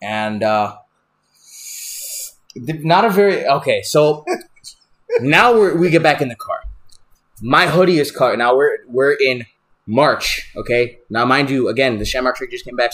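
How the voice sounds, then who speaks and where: Profane, animated male storyteller. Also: mid-range voice, a little slow. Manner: profane, animated, rambling with many restarts. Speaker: podcast guest, wrestler. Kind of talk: casual storytelling.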